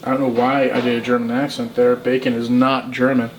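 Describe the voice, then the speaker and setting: A man's voice: mid-range voice, little pitch movement, a little fast, a little hiss or hum, poor audio. A man hosting a casual cooking show, joking and hamming for the camera as he walks through each step. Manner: jokey and playful, hamming for the camera. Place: outdoor grill, then a home kitchen.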